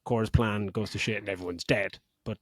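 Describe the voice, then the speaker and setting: A man's voice: fairly low pitch, fairly even intonation, a little fast, fairly bright tone, dry recording. Sarcastic middle-aged man, dry close sound. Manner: sarcastic, swears freely, laughs often. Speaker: podcast co-host. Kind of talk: casual film review chat.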